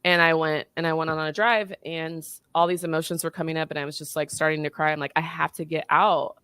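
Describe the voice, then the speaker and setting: Low-voiced woman telling a story. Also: fairly quick, clear, resonant tone. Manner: animated, acts out quoted dialogue. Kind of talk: casual storytelling.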